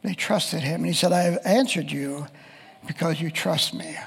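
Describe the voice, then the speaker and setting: Preacher, male, high pitched and husky, reading scripture in an echoing hall. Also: normal speed. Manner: reads scripture aloud and quotes voices of the text. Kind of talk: sermon.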